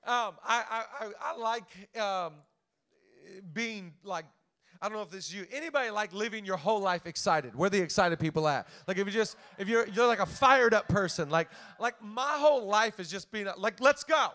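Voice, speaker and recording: A young man preaching an energetic, joking sermon to a church crowd, talking fast with lots of "like" and restarts. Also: high-pitched. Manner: hyped, quick, lots of "like" and restarts. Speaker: guest preacher.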